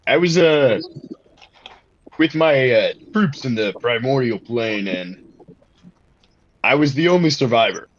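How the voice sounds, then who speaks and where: A man playing a weary soldier who tells his tale haltingly, with many fillers. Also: medium pitch, animated, lo-fi sound, slight background noise, close to an everyday voice. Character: weary soldier, lone survivor.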